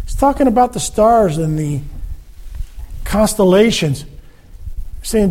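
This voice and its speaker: A man preaching a sermon on a Bible book, animated and acting out the words of the people he quotes. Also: high voice, slow, pauses often. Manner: animated, acts out quoted speech.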